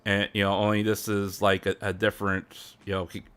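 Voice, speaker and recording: A man live-streams while practicing Japanese, chatting casually and rambling, chuckling often as he sounds out words. His voice is fairly low and level, a little fast, a bit bright, and clean.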